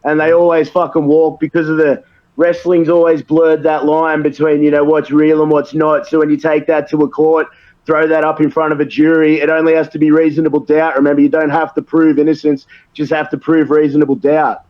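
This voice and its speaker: A man with a high voice, getting worked up and swearing constantly as he rants on a podcast. The audio sounds dull and lo-fi. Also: completely flat delivery, a little fast. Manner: profane, worked up, ranting. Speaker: wrestler guest. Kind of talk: heated casual podcast chat.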